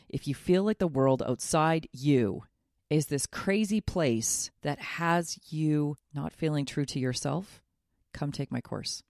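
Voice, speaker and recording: A woman's voice: very deep voice, dark tone, no echo, studio quality. A woman hosting her own podcast as a life coach, talking in an earnest, upbeat and self-revealing way. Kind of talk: solo podcast monologue.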